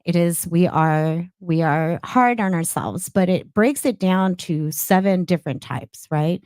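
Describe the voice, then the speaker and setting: Woman guest, clinical social worker from the Bay Area, lower voice, thoughtful explainer, dry recording. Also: measured pace, a little mellow, dry recording. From San Francisco Bay Area. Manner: thoughtful, explains with frequent "right?". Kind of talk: casual interview.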